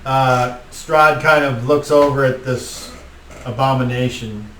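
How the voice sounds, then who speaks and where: A man's voice: medium pitch, fairly even intonation, slow, fairly bright tone. A man narrating a tabletop game as game master, casual and rambling with lots of filler words. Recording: roomy, distant mic, faint noise.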